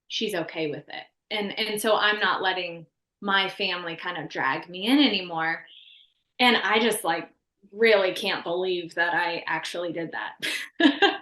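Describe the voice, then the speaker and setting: A woman's voice: medium pitch, fairly bright tone, roomy sound. A woman in her thirties earnestly sharing a personal story as a podcast guest, rambling with many restarts.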